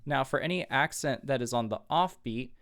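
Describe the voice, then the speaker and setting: A man's voice: mid-range voice, normal speed. Patient male guitar teacher over guitar. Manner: patient, step-by-step instruction. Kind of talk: guitar lesson, counting along. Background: guitar playing.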